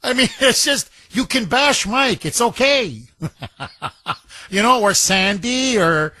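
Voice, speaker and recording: A man's voice: very high voice, expressive, takes it slowly, pushed and bright, no room sound. A man hosting a talk radio show, brash and taunting, often laughing as he talks to callers and his producer. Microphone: studio microphone.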